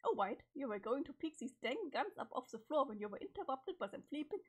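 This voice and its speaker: A woman's voice: high voice, big pitch swings, fast talker, low-quality recording. A woman streamer reading a webcomic's narration aloud on a live stream, with offhand spoken asides between passages.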